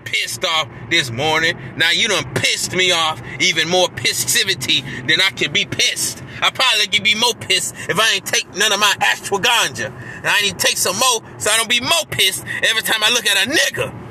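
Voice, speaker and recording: A man hosting his podcast, delivering a heated, profane rant that keeps bursting into shouts. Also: high voice, lively intonation, moderate pace, a little hiss or hum. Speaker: podcast host.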